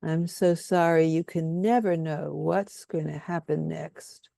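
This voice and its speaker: A woman leading a guided healing workshop, speaking softly and soothingly as she has the group repeat statements after her. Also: deep voice, steady tone, measured pace, creaky, dry recording, studio quality. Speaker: workshop leader.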